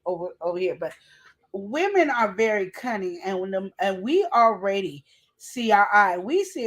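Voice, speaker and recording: A woman hosting a casual relationship advice show, telling stories in an animated, slangy way. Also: mid-range voice, normal speed. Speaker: host.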